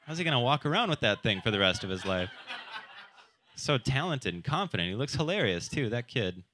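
A man's voice: medium pitch, big pitch swings, a little fast, noisy background. A man doing a stand-up comedy set, crude and self-deprecating, who keeps jumping into quoted voices. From South Dakota.

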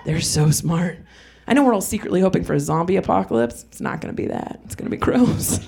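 A woman's voice: lowish voice, animated, fast, gravelly. A queer woman doing a rambling, profane stand-up set, laughing at her own jokes. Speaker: stand-up comedian. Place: comedy club stage with live audience. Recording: loud crowd in club. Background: audience laughing.

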